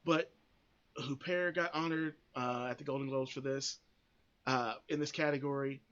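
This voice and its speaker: A man's voice: mid-range voice, fairly even intonation, normal speed, fairly bright tone, clear, resonant tone, lo-fi sound. A man hosting a podcast, giving blunt, opinionated commentary that rambles with frequent restarts and free swearing. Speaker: podcast host.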